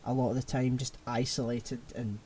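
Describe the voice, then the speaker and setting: A man's voice: mid-range voice, level tone, normal speed, mellow, a little hiss or hum. A man co-hosting a casual podcast chat, talking in a laid-back, hesitant way with fillers and teasing his co-host.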